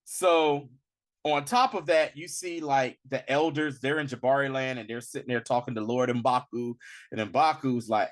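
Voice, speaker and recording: A man talking casually as a podcast host reviewing a film, slangy and animated, acting out the lines he recounts. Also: medium pitch, normal speed. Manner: animated, slangy, acts out quotes in bursts. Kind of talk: casual movie review chat.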